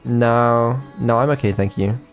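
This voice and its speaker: A man's voice: medium pitch, steady tone, a little slow. A man streaming casually as a developer, hesitant and full of ums, with some casual swearing. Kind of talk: casual live-stream chat. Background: faint music.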